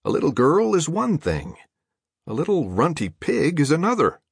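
A man voicing a gentle, steady farmer father who speaks patiently but firmly, in a storybook audiobook. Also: on the high side, normal speed, gravelly, husky, dry recording, heavily acted. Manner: patient, firm. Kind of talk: audiobook character voice.

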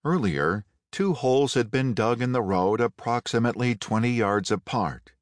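A man narrating a Western audiobook in a measured, unhurried storytelling manner. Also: mid-range voice, animated, dry recording. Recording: dry close studio read.

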